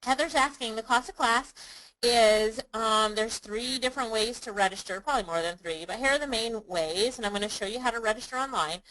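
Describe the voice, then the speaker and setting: A woman's voice: fairly high pitch, fairly quick, fairly bright tone, rough recording. A woman hosting a live online webinar, upbeat and chatty, calling on viewers by name. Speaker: online business course host.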